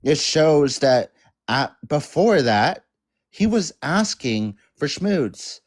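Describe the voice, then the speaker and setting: A man speaking as a guest on a livestream, indignant but measured. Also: on the high side, big pitch swings. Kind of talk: heated livestream discussion.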